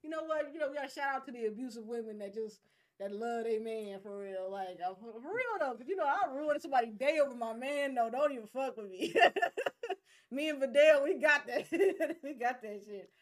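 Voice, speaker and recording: A young woman co-hosting a casual podcast chat, animated and laughing, telling stories with plenty of swearing. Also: high voice, normal speed. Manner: animated, laughing, profane storytelling. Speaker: podcast co-host.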